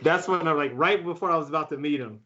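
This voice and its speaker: A man, a guest, telling a story in a casual, excitable way and laughing often. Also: fairly high pitch, fast, lo-fi sound, a crowd in the background. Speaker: guest beatboxer.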